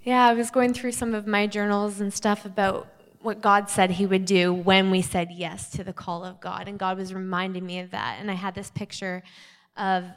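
A woman pastor speaks reflectively to her congregation, her voice level and even. Her voice trails off into the long reverb of a large hall. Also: mid-range voice, moderate pace. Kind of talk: personal testimony from the stage.

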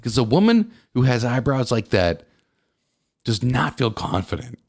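A worn-out male podcast host trades blunt, combative banter and swears freely. His voice sits at a middle pitch but moves around a lot. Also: sing-song, a little slow, a little mellow, slightly rough. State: tired from lack of sleep.

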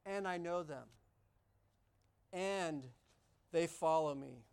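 Slow, emphatic preacher in a church service. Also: mid-range voice, a little mellow, smooth. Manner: emphatic, repetitive, asks the congregation many questions. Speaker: pastor. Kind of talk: sermon.

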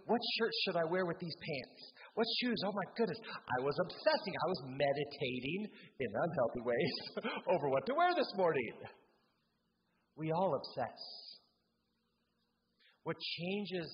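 A man preaching to his congregation, swinging from loud emphasis to soft, slow prayerful lines. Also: a little high. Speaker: pastor. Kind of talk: sermon. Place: church sanctuary. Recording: dull, slightly noisy recording in a reverberant hall.

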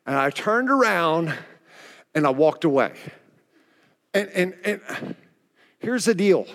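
In a church auditorium with big-room sound, a pastor with an Oklahoma accent preaches a sermon, animatedly telling a story and acting out the exchanges himself. His male voice is fairly high and slow.

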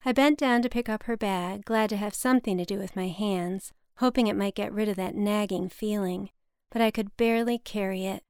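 A woman narrating her own personal story in a measured, scripted reading style, recorded close to the mic. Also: mid-range voice, steady tone, darkish tone, clean tone, dry recording.

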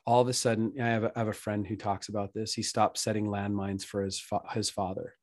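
A man in his thirties, a podcast guest, telling a candid, emotional personal story in an earnest way and growing soft when he speaks of faith. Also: fairly low pitch, level tone, a little fast, slight background noise.

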